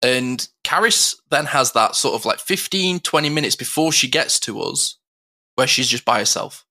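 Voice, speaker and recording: A man's voice: medium pitch, lively intonation, moderate pace, pushed and bright. A man co-hosting a podcast, talking heartfelt and rambling with lots of fillers. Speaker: co-host. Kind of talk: casual podcast chat.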